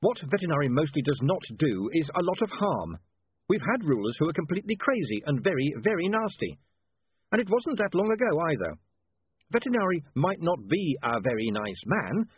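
A man voicing an earnest young male newspaper editor arguing with passion, husky and tinny. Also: a little high, voice pushed up. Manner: impassioned, arguing. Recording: tinny dry lo-fi audiobook recording.

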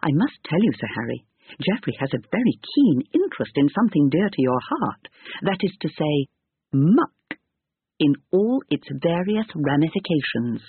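A brisk, prim elderly grandmother, proper and firm with her grandson, voiced by a man. The voice is lifted somewhat higher and husky, heard through a thin, tinny line. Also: sing-song, no room sound, full character voice. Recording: tinny narrow-band recording.

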